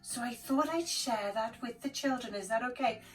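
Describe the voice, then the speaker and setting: A woman's voice: on the high side, moderate pace, close to an everyday voice. A woman voicing a friendly, polite young cat puppet who talks eagerly like a child. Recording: distant mic, faint background music.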